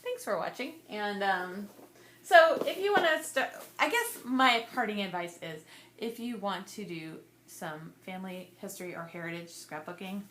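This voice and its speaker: A woman, perhaps in her thirties, vlogs about scrapbooking, chatting casually and ramblingly to the camera and laughing often. Her mid-range voice is expressive and a bit bright at a normal speed, with a little hiss or hum.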